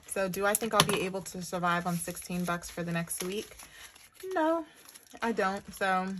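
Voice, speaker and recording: A woman in her thirties vlogging from her bedroom at home, chatting casually to viewers and counting her budget cash out loud. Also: fairly low pitch, gravelly, a little hiss or hum. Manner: chatty, talks to viewers as y'all, counts money aloud.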